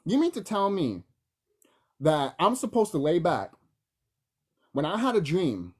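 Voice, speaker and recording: The voice is mid-range and husky. It belongs to a young adult vlogger in a heated, profanity-laced rant to camera, mocking whoever they're addressing.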